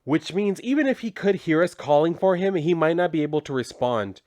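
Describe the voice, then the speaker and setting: A man's voice: fairly high pitch, lively intonation, brisk, a little mellow, no room sound. A man recapping a comic book in a casual, sarcastic and profane way, rambling as he goes.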